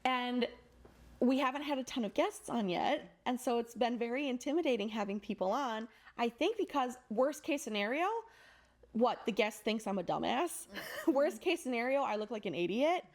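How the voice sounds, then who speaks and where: A woman podcast host chats with her guest in an easy, self-deprecating way and laughs readily. Her voice sits a little high for a woman. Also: animated, normal speed. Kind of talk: casual podcast interview.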